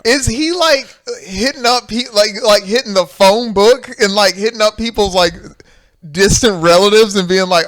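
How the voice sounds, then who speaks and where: A man with a Southern American accent co-hosting a comedy podcast, relaxed and joking, laughing a lot and acting out quotes. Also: high-pitched, normal speed, dry recording. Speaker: podcast co-host. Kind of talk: casual chat.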